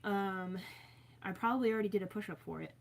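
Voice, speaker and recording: A woman's voice: mid-range voice, fast talker, creaky, a little hiss or hum. A young woman chatting casually on a livestream from her bedroom, reading out viewer comments and rambling with frequent filler words.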